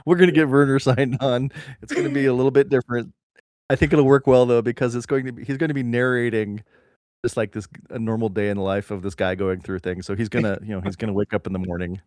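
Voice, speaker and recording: A man's voice: medium pitch, steady tone, fast, darkish tone, no echo. A man co-hosting a comedy podcast who riffs on jokes with a dry, playful manner. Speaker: podcast co-host. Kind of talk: casual comedy chat.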